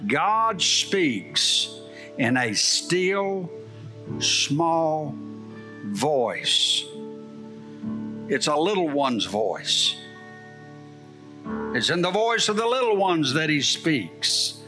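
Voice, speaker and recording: A man's voice: a little high, sing-song, extremely slow, pauses often, over music. A middle-aged male pastor preaching a sermon, telling a story and asking the congregation rhetorical questions.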